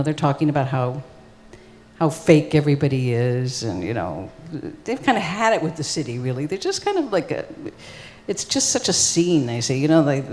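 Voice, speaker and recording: A woman's voice: low-pitched, darkish tone, slight background noise. A woman telling an ancient tale on stage at a live festival, in a casual, rambling way full of "like" and "you know". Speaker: storyteller. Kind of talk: live storytelling performance. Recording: long reverb of a live hall.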